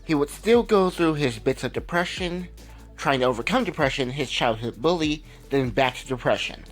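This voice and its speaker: A man's voice: a little high, lively intonation, moderate pace, soft background music. A man casually narrating a made-up fan story, rambling and correcting himself as he goes. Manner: rambling, conversational, self-correcting.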